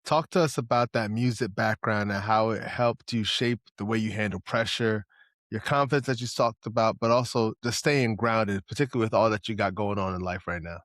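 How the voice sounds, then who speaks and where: A man's voice: on the low side, a little fast, fairly bright tone, no room sound, clean studio sound. A man co-hosting a podcast, asking questions in an encouraging, affirming way. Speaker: podcast co-host. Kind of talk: interview questions and backchannel.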